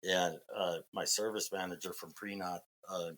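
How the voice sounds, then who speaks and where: Man, middle-aged, from Massachusetts, podcast guest, rambling storytelling, low pitch, bright forceful tone. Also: steady tone, normal speed. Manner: rambling, many fillers and restarts. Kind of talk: casual storytelling.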